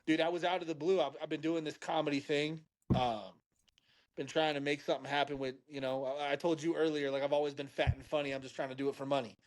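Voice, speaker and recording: A man's voice: on the high side, level tone, fast talker. A man who does comedy, co-hosting a podcast and telling a story in a laid-back way, swearing casually.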